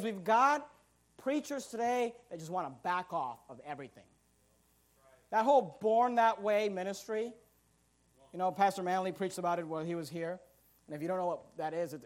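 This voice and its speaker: A man with a strikingly high voice preaches a fiery sermon from the pulpit. He hammers his points through repetition and swings into loud, confrontational bursts. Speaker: pastor.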